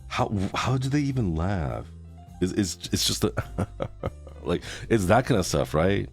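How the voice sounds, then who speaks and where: Very deep gravelly man streaming. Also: sing-song, measured pace, faint music behind. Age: 30s. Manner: reacting to chat, groaning and laughing. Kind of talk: casual live-stream chat.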